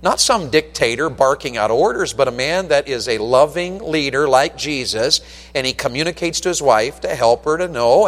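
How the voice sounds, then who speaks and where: Middle-aged preacher in a reverberant church. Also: male voice, a little high. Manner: swings between quiet storytelling and loud exhortation. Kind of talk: sermon. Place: church sanctuary at an evening service. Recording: long reverb of a church hall.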